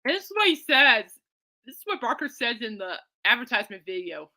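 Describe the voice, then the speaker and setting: A woman's voice: fairly high pitch, big pitch swings, brisk, pushed and bright. A woman hosting a podcast in casual, rambling chat, giggly and reacting to listener comments. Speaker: podcast host.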